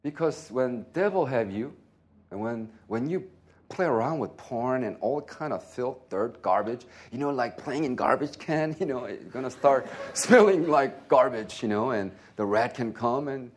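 A pastor preaching a sermon, telling a story with lots of laughter and acted-out dialogue. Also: male voice, mid-range voice, a little slow. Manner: animated, laughing often, acts out dialogue.

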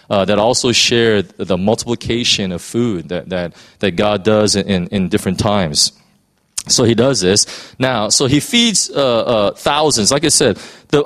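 A man preaching a sermon in a conversational, storytelling way, with frequent restarts and fillers. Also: mid-range voice.

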